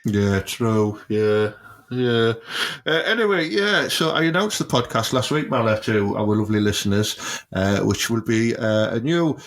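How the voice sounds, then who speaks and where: A man's voice: lowish voice, lively intonation, unhurried. A man, hosting a comedy podcast in a crude, cheeky, self-promoting manner. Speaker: podcast host.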